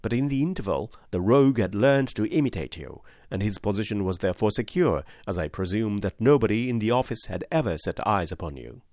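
A man narrating a classic detective story in a measured, precise audiobook reading, voicing the detective's lines too. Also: fairly low pitch, animated, a little mellow, dry recording, clean studio sound.

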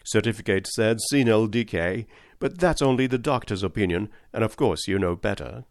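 A man reading aloud and voicing a blustering, mocking middle-aged male villain, pitched above his own voice. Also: brisk, no echo, studio quality, close to an everyday voice. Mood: jeering. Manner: sneering and mocking.

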